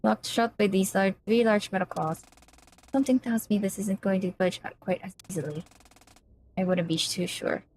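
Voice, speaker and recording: A woman's voice: medium pitch, moderate pace, darkish tone, a little hiss or hum. A woman streamer reading a visual novel aloud on a livestream, breaking off into nervous, easily spooked chatter with her chat.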